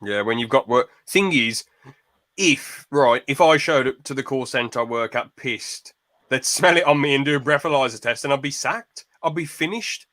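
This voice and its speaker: Young British male podcast host; blunt, ranty, tense bright voice. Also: medium pitch, moderate pace. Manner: blunt, ranting, swears freely. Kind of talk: casual chat.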